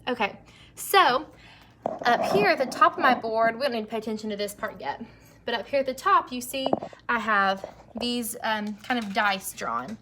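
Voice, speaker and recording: A young woman teacher leading an early-grade phonics lesson, stretching out words slowly and praising the children. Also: a little high, background noise. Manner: slow, drawn-out word modeling, encouraging.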